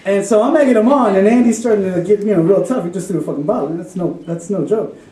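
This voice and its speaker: A man's voice: high-pitched, quick pace, background noise. Rambling, profane young man telling a story. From Chicago. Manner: rambling, profane, laughing through his story. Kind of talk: live story slam telling. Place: live venue with an audience. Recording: roomy live recording from far off.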